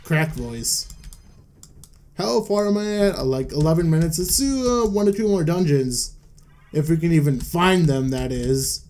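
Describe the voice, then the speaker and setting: A man's voice: on the high side, expressive, measured pace, darkish tone, faint music behind. A young man rambling through casual gameplay commentary at home, self-deprecating and trailing off, holding back coughs while his voice cracks. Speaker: gaming YouTuber. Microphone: desk mic.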